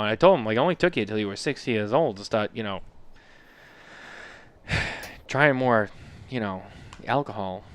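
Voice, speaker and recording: A man in his thirties co-hosts a podcast in loose, casual chat, rambling through his stories with plenty of "like" and "you know" and the odd swear word. His voice is smooth and clean, with medium pitch. The sound is dry and close. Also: a bit bright, no echo. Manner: rambling storyteller, swears freely, heavy use of "like" and "you know". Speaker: podcast co-host.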